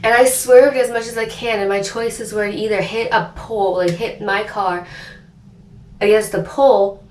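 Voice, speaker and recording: A young woman vlogger telling a storytime story in a chatty, animated way, full of filler words. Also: medium pitch, normal speed, slight background noise. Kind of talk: storytime chat. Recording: roomy echo, distant mic.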